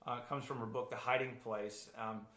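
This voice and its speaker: Pastor guy giving a sermon, earnest and a bit halting, mid-pitched voice, echoey room. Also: little pitch movement, a bit bright. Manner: earnest, halting with restarts and fillers.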